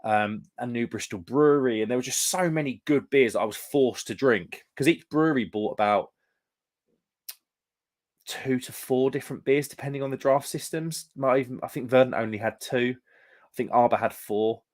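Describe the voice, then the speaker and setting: A man's voice: medium pitch, normal speed. A young man from the UK hosting a live stream, chatting casually with viewers in a rambling way full of fillers. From United Kingdom. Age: young adult.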